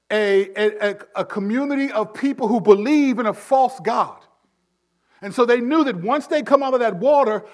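A man with a notably high voice delivers a sermon as a pastor. He talks conversationally and often turns to his listeners with asides. He pushes hard on key words, then drops to a near-hush. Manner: emphatic, swings from loud to hushed.

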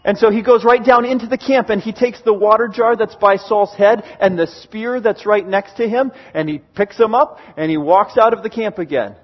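A man with a notably high voice preaches a sermon, telling the story with animated energy and quick bursts of acted-out characters. The recording is slightly dull and lo-fi. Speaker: pastor.

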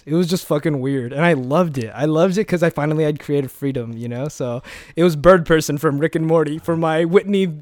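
Young adult male guest, fairly high voice, rambling and profane, dry close mic. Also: fairly quick, dry recording. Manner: rambling with restarts, swears freely, animated. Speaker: guest, former speech competitor. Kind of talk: casual interview chat.

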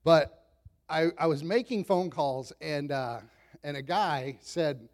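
Conversational male pastor, slightly high voice. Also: slow pace, a little mellow. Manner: conversational storytelling, self-deprecating, chuckles often. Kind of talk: sermon.

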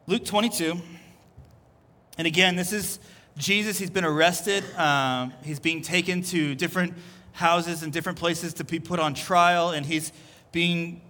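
Bright-voiced casual male pastor. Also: a little high, fairly even intonation, a little slow. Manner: loose, chatty storytelling full of "like". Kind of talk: casual conversational sermon.

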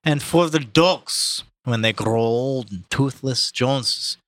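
A man's voice: slow pace, a bit bright, dry recording. A man voicing an old male boar who rallies the farm animals with fiery speeches, in a put-on Russian accent, reading for comedy. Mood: mournful. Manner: booming speechmaking, slips out of character into laughter. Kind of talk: comic dramatic reading.

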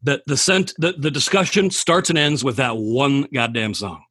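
A man's voice: medium pitch, normal speed, bright, forceful tone, husky, dry recording, clean studio sound. A man on a casual podcast chat, blunt and opinionated, swearing casually.

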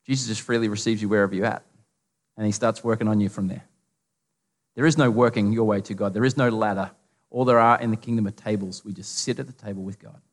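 A fairly low-pitched man with a steady tone talks fast, preaching with an Australian accent. It's a casual, humorous sermon full of stories and asides, recorded amid the long reverb of a large hall.

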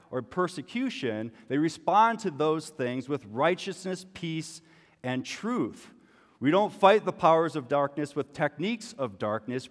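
Male pastor, conversational sermon delivery, rhetorical questions, long hall reverb. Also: a little high.

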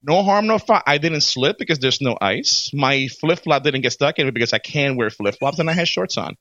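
Casual podcast co-host, male, lively storyteller, muffled lo-fi sound. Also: fairly high pitch, brisk, no room sound. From Florida. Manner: animated storyteller, laughs often. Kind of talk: casual chat.

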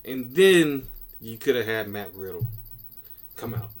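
A man co-hosting a casual wrestling podcast, ranting in an animated, profane and excitable way. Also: mid-range voice, a little slow. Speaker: podcast co-host.

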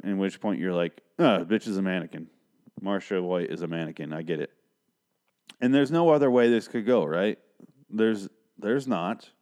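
A man's voice: low-pitched, a little mellow. A man casually recapping a TV episode, rambling and sarcastic, with frequent swearing. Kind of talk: casual commentary.

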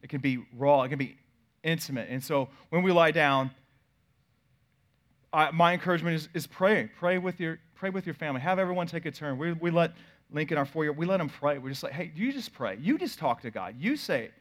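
A pastor in his thirties telling a family story in a sermon, swinging from loud bursts to quiet asides. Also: on the high side, expressive, a little fast.

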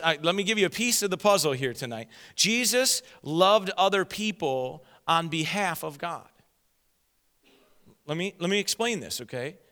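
A man's voice: on the high side, a bit bright, in a large hall. A man preaching a sermon to a congregation, joking with them and laughing at himself as he teaches. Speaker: pastor. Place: church sanctuary.

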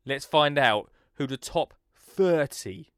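Excitable man hosting a podcast. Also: fairly high pitch, takes it slowly, dry recording, clean studio sound. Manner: excitable, jokey, rambling with restarts. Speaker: podcast host. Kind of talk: casual podcast chat.

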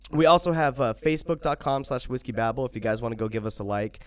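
Young dude podcast host, jokey, laughs a bunch, dry close mic. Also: male voice, medium pitch, fast talker, clear, resonant tone, dry recording. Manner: jokey, laughs often, loud bursts. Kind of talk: casual podcast banter with ad reads.

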